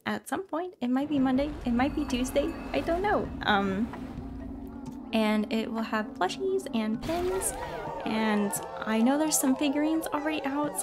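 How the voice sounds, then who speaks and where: A woman streaming a game, chatting casually, apologizing and greeting viewers by name in a bubbly way. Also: a little high. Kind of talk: casual live-stream chat while gaming. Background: game music.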